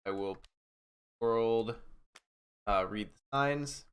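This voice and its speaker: A man's voice: mid-range voice, extremely slow, smooth. A man co-hosting a podcast, playing a card game with wry, profane jokes and dramatic card reading. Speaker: podcast co-host and player. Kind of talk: casual board game play with joking commentary.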